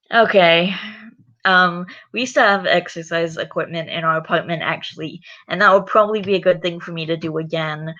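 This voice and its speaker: A woman's voice: fairly low pitch, moderate pace, long pauses, pushed and bright, lo-fi sound. A young woman YouTuber chatting casually between read-aloud lines, laughing often and saying "like" a lot. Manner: chatty, laughs often, many filler likes. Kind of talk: casual read-along chat.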